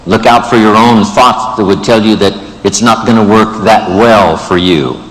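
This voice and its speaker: A man's voice: fairly low pitch, moderate pace, fairly bright tone, long reverb tail, poor audio. A man giving an emphatic motivational speech to a live audience in a large event room, building rhetorical lists of phrases. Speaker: motivational speaker.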